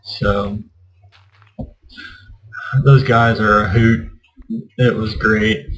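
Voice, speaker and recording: A man's voice: on the low side, little pitch movement, extremely slow, slight background noise, poor audio. A man who hosts a gaming channel, telling a rambling convention story in casual chat and acting out what others said. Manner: rambling storyteller, acts out quotes. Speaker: gaming YouTuber.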